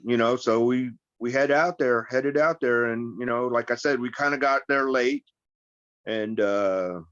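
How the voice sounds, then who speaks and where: A man's voice: medium pitch, no room sound. A man being interviewed as a wrestler guest, telling stories in a rambling, profane way and acting out the voices of the people he quotes. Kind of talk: casual interview storytelling. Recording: slightly muffled, dry recording.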